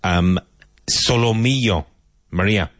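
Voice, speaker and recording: Deep-voiced male teacher running drills. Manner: brisk, encouraging drill patter. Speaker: English teacher. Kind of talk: classroom vocabulary drill.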